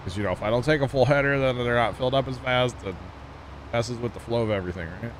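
A man with a Midwestern accent streams a game and chats casually with his viewers, rambling and using lots of fillers. His voice is mid-range and fast, and there's noise in the background.

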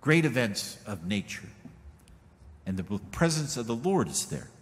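A man's voice: mid-range voice, sing-song, measured pace. A middle-aged man preaching a sermon in a casual, folksy way, full of asides to the congregation. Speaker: pastor. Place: church sanctuary. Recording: long reverb of a church hall.

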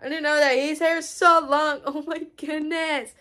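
A young woman chatting excitedly in a casual vlog, rambling with lots of fillers. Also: sits high, moderate pace. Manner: excitable, rambling, frequent "so basically". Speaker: vlogger.

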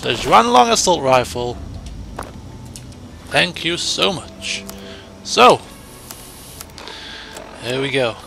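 A man with a gravelly voice giving excitable let's play commentary, dropping to mutters and then bursting into shouts, with game music behind. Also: mid-range voice, very slow, long pauses. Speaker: gamer. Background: game music and sound effects.

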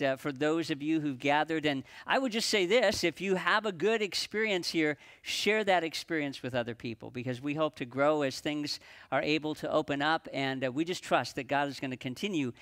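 A man preaching a sermon as pastor at a live church service, earnest, slowing down and dropping his voice for emphasis. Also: a little high, fairly bright tone.

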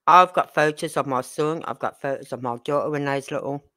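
A low, fairly bright voice comes a little fast from an older woman hosting a casual livestream, with no echo. Rambling through family stories, she keeps addressing viewers directly with asides and tag questions.

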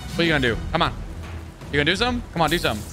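A man streaming a video game, loud and excitable, swearing and trash-talking enemies as he plays. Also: a little high, very fast. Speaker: gaming streamer. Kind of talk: let's play commentary. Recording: game music loud behind voice. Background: video game music and sound effects.

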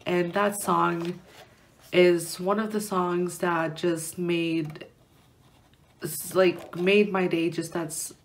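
A young woman vlogger with a lowish, level voice chats slowly and casually while unboxing an album at home near a window. She rambles and giggles, often restarting sentences and using lots of filler words.

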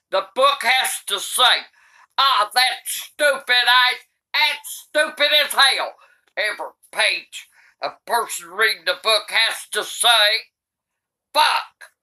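Cranky old grandma cussing nonstop while she reads, slow drawl, really piercing bright voice. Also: fairly high pitch. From United States. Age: older. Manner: cranky, swears constantly, shouts in outrage. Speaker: comedy YouTuber grandmother. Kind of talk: comedic reading aloud.

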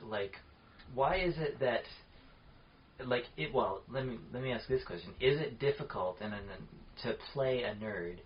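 A man's voice: mid-range voice, moderate pace. A man co-hosting a podcast in casual chat, often restarting his sentences and laughing. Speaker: podcast co-host. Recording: dull lo-fi podcast audio with faint noise.

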